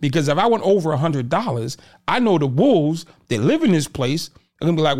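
Animated man telling stories. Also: a little high, a little fast, hardly any pauses. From Boston area. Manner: animated, acts out quotes of others. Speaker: podcast guest. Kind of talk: casual conversation, storytelling.

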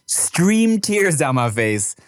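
A man, telling stories with lots of swearing and jumping up into high voices when he quotes people. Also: takes it slowly, smooth, no echo, studio quality. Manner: animated storyteller, swears freely, jumps to high voices when quoting people. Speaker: podcast co-host. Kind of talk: casual food podcast chat.

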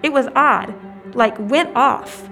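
Female interviewee, high voice, casual storytelling, exclaiming. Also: slow pace, sharp tone, soft background music. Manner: exclaiming, acts out quotes.

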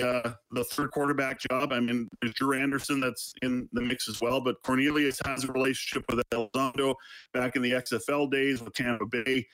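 A man's voice: mid-range voice, fairly bright tone, dry recording, low-quality recording. A man giving casual football analysis on a radio show, speaking conversationally with lots of fillers.

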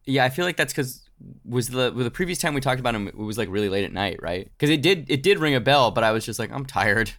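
A man's voice: mid-range voice, fast talker. A man co-hosting a casual history podcast, joking around and reading quotes aloud. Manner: joking, animated, reads quoted letters aloud. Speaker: podcast co-host. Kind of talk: casual chat.

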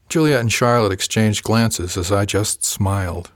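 A man with a lowish voice narrating a first-person audiobook. His reading is measured and even, recorded close in a dry, dead space. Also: no room sound.

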